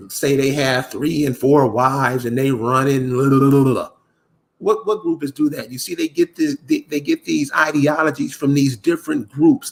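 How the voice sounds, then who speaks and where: A man ranting casually to his viewers, exasperated and preachy, often restarting his words. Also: a little high. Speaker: commentator. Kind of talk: casual rant to camera.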